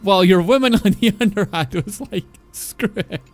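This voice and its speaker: A man's voice: sits high, a little fast, soft background music. A man streaming a game, making casual commentary, laughing and joking as he reads along. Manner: chuckling, joking, reading aloud. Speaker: gaming streamer. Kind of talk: casual let's-play commentary.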